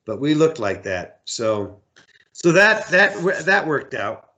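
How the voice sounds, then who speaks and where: Speaking slowly in a slightly high voice, the middle-aged American hunting guide and outfitter recounts stories in a casual interview. He's lively, mimicking voices and repeating words as he goes.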